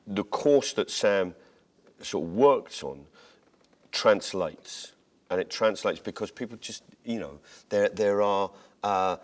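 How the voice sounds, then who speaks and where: Deep-voiced man telling stories in an interview. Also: takes it slowly. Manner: animated, tangents and restarts while retelling jokes. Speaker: interview guest, comedian. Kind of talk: conversational interview storytelling.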